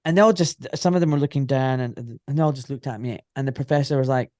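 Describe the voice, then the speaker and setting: A man's voice: mid-range voice, fast talker, hardly any pauses, darkish tone, no echo, studio quality. A Scottish man in his forties, an orthopaedic surgeon, telling stories in a casual, rambling interview full of filler phrases. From Scotland.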